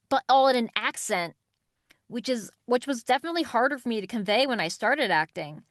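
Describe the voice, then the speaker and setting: A young woman in casual interview chat, talking with lively energy and frequent laughs. Her voice sits fairly high, and the sound is dry and close with no room around it. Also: moderate pace, no room sound. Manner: lively, laughing, reads aloud from notes. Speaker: voice actress guest.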